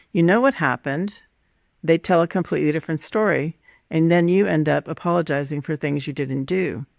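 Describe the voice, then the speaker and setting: A woman hosting a show, giving a calm, measured, scripted talk on relationships and laying out her advice point by point. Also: low-pitched, creaky, no echo, studio quality. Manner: calm, measured, instructive, lays out numbered points. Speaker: host. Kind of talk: scripted teaching monologue on relationships.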